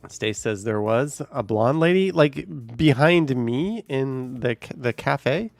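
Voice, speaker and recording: A man's voice: medium pitch, lively intonation, slow pace, vocal fry, no echo, faint music behind. A man live-streaming, chatting casually and reading viewer comments aloud, musing in a rambling way with lots of fillers. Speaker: live-streaming walking vlogger.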